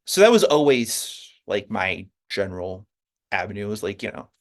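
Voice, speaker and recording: A man's voice: lowish voice, sing-song, moderate pace. A man, a comics writer as a guest, telling his story in a rambling way with many fillers and restarts. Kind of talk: conversational interview.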